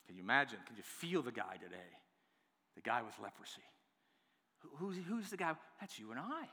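A man preaching a sermon to his church, swinging between hushed, drawn-out lines and loud, emphatic ones. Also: mid-range voice, big pitch swings. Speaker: pastor. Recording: long hall reverb.

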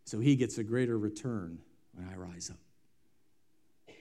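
With a lowish voice and slight background noise, a pastor preaches, moving from emphatic, loud lines to quiet, hushed ones while drawing out phrases and circling back to refrains.

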